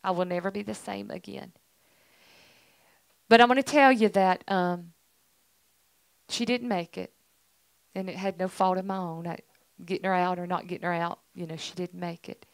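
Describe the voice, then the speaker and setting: A woman's voice: lowish voice, fairly even intonation, normal speed, vocal fry, long pauses, dry recording, poor audio. A middle-aged woman giving an earnest, emphatic church testimony, repeating herself for weight. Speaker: church speaker, pastor's family.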